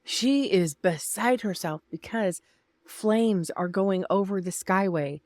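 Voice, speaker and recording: A woman's voice: medium pitch, takes it slowly, a little mellow, dry recording. Chatty older woman telling a story. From Northern California. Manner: chatty and emotional, addresses viewers as "you guys" and "y'all". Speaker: vlogger. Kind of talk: casual storytelling to camera.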